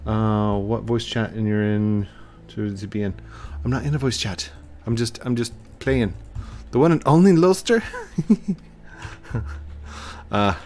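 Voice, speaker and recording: A man's voice: lowish voice, slight background noise. A man with a rural Missouri twang, rambling and chatting through casual gameplay commentary as a gaming channel host, often mocking himself with a chuckle. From Missouri, USA. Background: faint game music.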